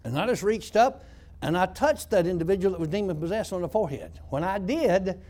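Folksy former prison preacher guy telling a story, high voice, really lively, bounces all over. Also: fairly quick. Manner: folksy, animated, emphatic. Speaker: former prison pastor, guest. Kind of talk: storytelling testimony.

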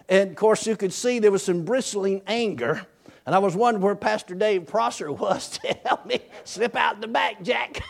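A man's voice: sits high, gravelly. A man preaching a sermon by telling a personal story in a folksy, repetitive way, chuckling as he goes.

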